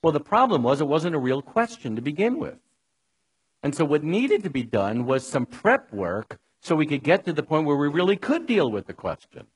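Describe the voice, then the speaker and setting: A man delivers a conversational sermon, his voice husky and set a little high. He is wry and chatty, and he talks straight to his listeners. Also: low-quality recording. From New York. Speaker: preacher.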